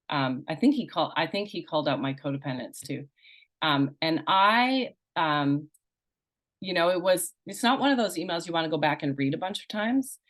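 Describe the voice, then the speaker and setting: A woman with a low-pitched voice tells her own story as a course teacher. She is candid and self-deprecating, and often restarts and fills with "um" and "you know." She sounds middle-aged. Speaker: workshop teacher. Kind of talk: personal story in a recorded course session.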